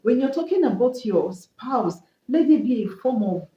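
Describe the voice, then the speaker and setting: A woman's voice: fairly high pitch, very animated, moderate pace. A woman giving Christian marriage advice in an earnest, repetitive teaching style. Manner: earnest, repetitive preaching cadence. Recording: roomy, dull lo-fi sound.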